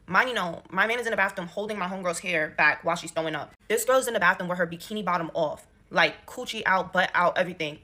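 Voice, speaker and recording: A young woman telling a casual gossip story with animated, slangy, indignant delivery. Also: medium pitch.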